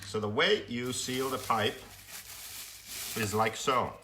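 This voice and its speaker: A young man hosting a live workshop stream, telling a story with lots of swearing and loudly acting out his frustration. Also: mid-range voice, takes it slowly, background noise. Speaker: host of a live workshop show.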